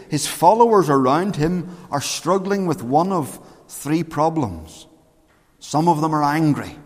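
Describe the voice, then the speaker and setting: A man's voice: fairly high pitch, long reverb tail. A man preaching a sermon, earnest, his voice rising and falling for emphasis.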